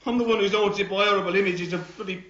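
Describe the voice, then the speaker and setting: An actor playing an anxious, long-winded builder, who lectures in an excitable way. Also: male voice, sits high, quick pace. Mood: indignant. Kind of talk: TV drama acting. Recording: dull TV soundtrack, faint noise.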